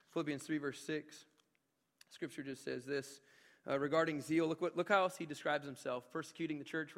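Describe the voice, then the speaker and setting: A male pastor with a high, bright, cutting voice delivers a passionate sermon in a church sanctuary. He talks conversationally, tossing in quick asides, then drops low and quiet before building to loud, ringing emphasis. His voice carries a long reverb from the big hall. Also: creaky. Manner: passionate preaching that swings from hushed asides to loud emphatic peaks; conversational, with frequent filler asides.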